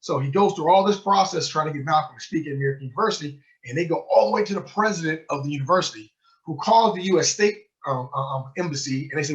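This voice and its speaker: A fast man's voice with a fairly high pitch carries a storytelling lecture at a book club, where he speaks as a sheikh. Full of energy, he acts out the dialogue he quotes, and the sound is muffled and lo-fi.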